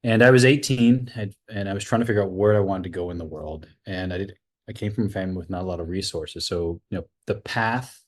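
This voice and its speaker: A low, deep American man in his forties talks through his memories. He tells them with energy, acting out the other people's lines and often laughing at himself. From United States. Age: 40s. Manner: animated storyteller, acts out dialogue, laughs at himself. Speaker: guest, retired army officer and coach. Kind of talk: conversational interview storytelling.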